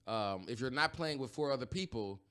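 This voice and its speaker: A man's voice: medium pitch, lively intonation, fairly quick, fairly bright tone, smooth. A man co-hosting a podcast, chatting casually in a loose, rambling way with lots of fillers and restarts. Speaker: podcast co-host. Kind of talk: casual chat.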